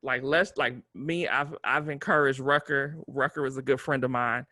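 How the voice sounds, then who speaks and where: A man co-hosting a podcast in casual chat, expressive with playful asides. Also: medium pitch, moderate pace, dry recording. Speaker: podcast co-host.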